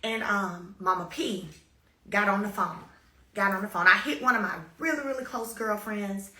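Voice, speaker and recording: A woman tells a personal story straight to her followers. Her voice is bright and forceful, and she repeats her points with emphatic bursts of energy. The sound bounces around an echoey room. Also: mid-range voice, normal speed. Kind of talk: casual spoken testimony to followers.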